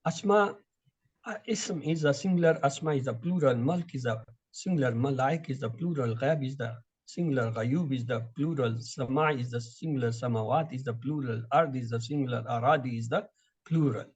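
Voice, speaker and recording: A man teaching an online class, reciting word lists in steady drills. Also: mid-range voice, normal speed, breathy edge. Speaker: Quran and Arabic teacher.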